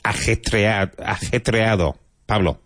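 A male teacher with a deep, low voice leads a classroom vocabulary drill. His delivery is brisk and encouraging. The recording is dry and close, with no room sound. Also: a bit bright, no room sound. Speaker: English teacher.

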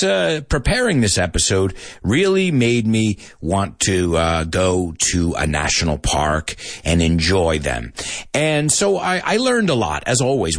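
A man hosting a casual live-stream English lesson, animated and slipping into Spanish asides. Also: low-pitched, no echo, clean studio sound. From United States. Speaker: English teacher and show host.

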